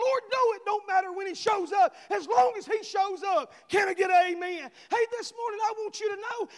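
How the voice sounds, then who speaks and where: A male pastor preaching a sermon, calling for amens and moving between shouts and hushed tender passages. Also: very high-pitched. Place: church sanctuary. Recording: church hall reverb.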